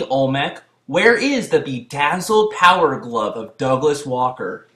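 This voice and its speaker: A young man giving comedic review commentary, sarcastic and profane, breaking into repeated yelled gags. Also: mid-range voice, animated, unhurried. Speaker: video reviewer. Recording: roomy echo.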